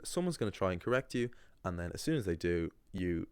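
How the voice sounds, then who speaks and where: A man's voice: deep voice, sing-song, brisk, a little mellow, smooth, no room sound, studio quality. A young man, talking casually to camera in a rambling way, with lots of fillers and restarts. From Ireland. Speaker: language channel host. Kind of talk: casual talking-head monologue.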